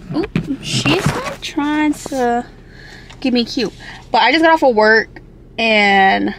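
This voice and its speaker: Chatty, high-voiced woman vlogger. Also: lively intonation, slow pace, fairly bright tone, slight background noise, poor audio. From Milwaukee, Wisconsin. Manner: chatty and upbeat, swears freely, rambles with fillers. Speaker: vlogger and makeup artist. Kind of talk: casual vlog chat.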